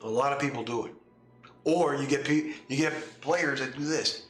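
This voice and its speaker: Male host and game master, bright, emphatic, repetitive, echoey room. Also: medium pitch, normal speed, soft background music. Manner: emphatic, repetitive, rhetorical questions. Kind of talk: casual opinion talk.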